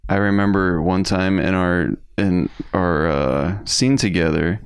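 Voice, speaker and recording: Middle-aged male co-host, deep and gravelly, laid-back and joking, dry close mic. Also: a little slow, no room sound. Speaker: podcast co-host. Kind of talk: casual reminiscing chat.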